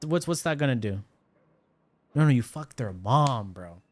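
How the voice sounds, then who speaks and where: A man's voice: medium pitch, expressive, measured pace. A man streaming a game, cracking crude jokes and rambling with repeated words. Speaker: gaming streamer. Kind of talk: live game commentary.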